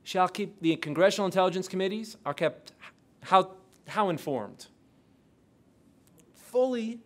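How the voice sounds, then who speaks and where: A man lecturing a class, quizzing the audience with rapid questions. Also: sits high, animated, a bit bright. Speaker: lecturer on intelligence oversight.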